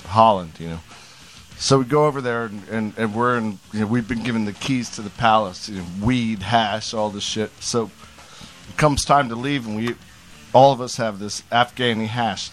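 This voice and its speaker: A man in casual chat, telling a crude travel story in a rambling way, stumbling and repeating words. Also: on the low side.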